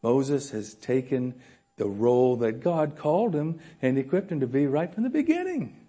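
Animated male preacher. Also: medium pitch, moderate pace. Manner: animated, swings from loud emphasis to soft asides, chuckles often. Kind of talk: sermon. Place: church room.

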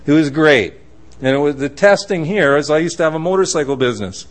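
A man delivers a sermon in a lively storytelling way, slipping into the voices of the people in his anecdotes. His speaking voice sits a touch higher than most men's. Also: brisk. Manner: animated storytelling, acting out voices. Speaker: preacher.

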